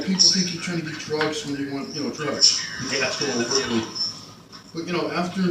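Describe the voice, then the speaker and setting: A man's voice: fairly high pitch, very noisy. A tired older man from New Jersey, rambling and joking in a vlog monologue. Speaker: vlogger. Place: grocery store cafe. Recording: roomy, distant phone mic, loud music.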